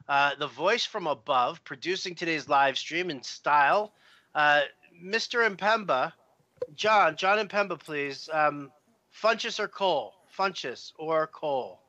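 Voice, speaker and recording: A man's voice: on the high side, pushed and bright, dry recording. A man co-hosting a live fantasy football stream, giving picks casually and teasing his colleagues. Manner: jokey, teasing banter. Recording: dry, slightly dull lo-fi audio.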